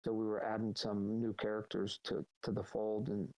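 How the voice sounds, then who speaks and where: Man, middle-aged, lowish voice, animated rambling anecdotes, casual live Q&A, voice chat. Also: normal speed, poor audio. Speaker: guest answering fan questions. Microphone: voice chat call.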